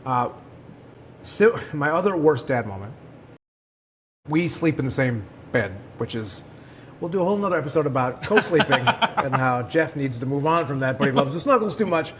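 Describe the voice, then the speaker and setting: A man in his forties hosting a podcast, telling stories in a casual, animated way. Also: medium pitch, moderate pace, slight background noise. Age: 40s. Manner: animated storyteller, acts out voices. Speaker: podcast host. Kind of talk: casual chat.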